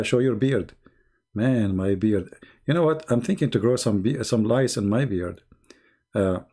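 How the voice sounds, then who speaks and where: A middle-aged man with an Arabic accent and a gravelly, creaky voice chats casually on a livestream. He talks in sarcastic, mocking broken English, and his voice is going hoarse. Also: lowish voice, warm tone. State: losing his voice, coughing. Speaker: host answering viewer questions.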